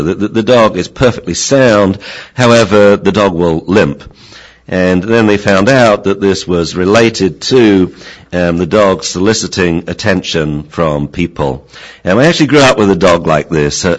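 A very deep-voiced older man gives a relaxed, informal lecture on dog training. He is chatty and often stumbles and repeats his words. Now and then he acts out what a dog or its owner would say. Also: rough recording.

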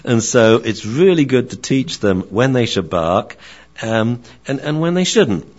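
A man's voice: medium pitch, big pitch swings, unhurried, darkish tone, highs cut off. A man talking casually and jokily as a dog trainer, with many fillers. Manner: chatty, joking, many fillers and restarts. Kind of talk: casual talk.

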